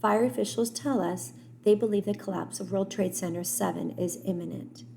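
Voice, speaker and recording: A woman reading an audiobook delivers a formal television news report in a measured way. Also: medium pitch, gravelly, mellow, slight background noise, lightly acted. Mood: somber.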